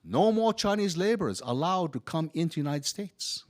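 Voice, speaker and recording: A man from Hawaii tells a wistful first-person character story as a modest, good-natured Chinese immigrant laborer who talks in broken English. He has a slightly high, very animated voice at a moderate pace.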